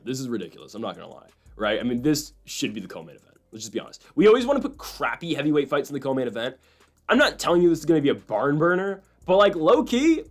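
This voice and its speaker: A man's voice: medium pitch, a bit bright. A young man casually hosting fight predictions, rambling with lots of fillers and side jokes. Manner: rambling, fast, full of fillers and asides. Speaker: host making fight predictions. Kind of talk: casual commentary.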